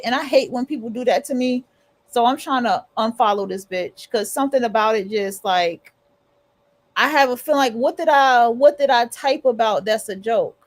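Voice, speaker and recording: High-voiced woman chatting on a livestream. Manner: rambling, conversational, with frequent restarts and profanity. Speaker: livestream host. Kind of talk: casual livestream monologue.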